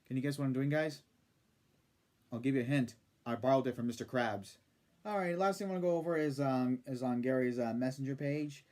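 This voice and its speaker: A man's voice: medium pitch, a little fast, darkish tone. Sarcastic, profane male commentator. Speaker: YouTube commentator. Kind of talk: casual commentary rant.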